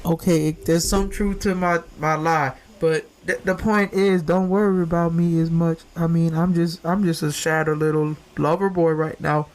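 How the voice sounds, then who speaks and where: Man, podcast co-host, casual chat, flat even delivery, self-mocking, playful. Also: a little high, moderate pace, hardly any pauses.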